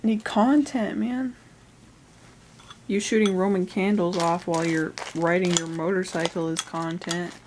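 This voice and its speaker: A woman's voice: fairly low pitch, fairly even intonation, a little mellow, a little hiss or hum, rough recording. Playful young woman vlogging. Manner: chatty and playful, quick to laugh. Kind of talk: casual vlog chat.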